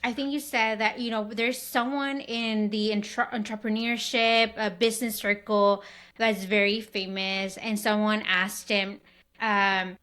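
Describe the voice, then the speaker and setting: Woman host, mid pitch, chatty and full of fillers. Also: level tone, measured pace, a bit bright. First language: Spanish. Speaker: podcast host. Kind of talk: casual interview chat.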